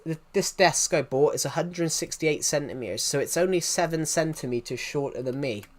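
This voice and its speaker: A man's voice: a little high, moderate pace. A man with a Southwest English accent chatting casually on a live stream, rambling and answering viewers' messages. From England. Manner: rambling, restarts often, answers chat.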